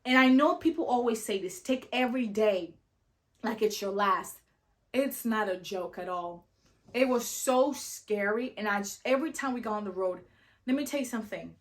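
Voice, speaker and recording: A young woman vlogger telling travel stories in a casual, animated way, full of "like" and acted-out quotes. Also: medium pitch, moderate pace. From family from Sierra Leone, raised abroad. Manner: animated, lots of "like" and "you know", acts out quoted dialogue. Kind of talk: casual storytelling to camera.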